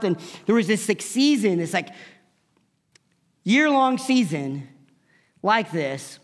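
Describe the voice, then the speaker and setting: A middle-aged man preaching a sermon as a pastor, telling a personal story with sudden loud emphatic peaks and drops into a whisper. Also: high voice, a little slow.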